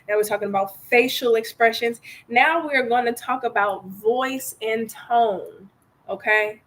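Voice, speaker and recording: A young woman hosting a live online workshop, chatty and playful, who laughs often and acts out quoted lines in little voices. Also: fairly high pitch. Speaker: workshop host.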